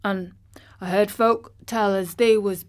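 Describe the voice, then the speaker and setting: Woman doing a hoarse old gardener. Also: medium pitch, fairly even intonation, slow, natural voice. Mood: gruff. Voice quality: hoarse, gruff dialect. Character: gruff old Yorkshire gardener man.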